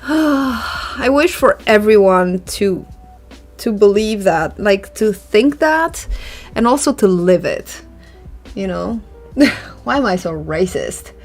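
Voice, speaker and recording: A woman art vlogger chatting casually and musing aloud while she draws, opinionated and given to sighs. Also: medium pitch. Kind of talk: casual chat while drawing. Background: faint background music.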